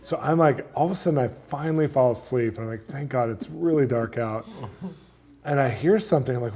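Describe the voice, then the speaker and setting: A man's voice: mid-range voice, fast talker. Man telling a wild story with laughter. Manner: excited, laughs through the telling, acts out voices. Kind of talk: animated storytelling.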